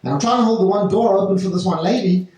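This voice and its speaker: A man doing a stand-up set on a club stage, talking haltingly with lots of fillers. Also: high voice, darkish tone. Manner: halting delivery with many fillers. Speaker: stand-up comedian. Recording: echoey club from a distant mic.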